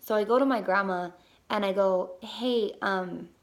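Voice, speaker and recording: A young woman casually telling a personal story as a mother, lively, with many fillers and casual swearing. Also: medium pitch, a little slow.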